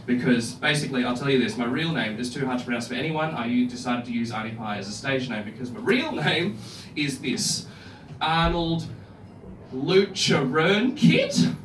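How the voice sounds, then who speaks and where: A young man doing stand-up comedy, telling a story in an animated way and acting out other people's lines. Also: mid-range voice, a little fast, hardly any pauses, slight background noise. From Australia. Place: comedy club stage. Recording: echoey club room from far off, audience laughter.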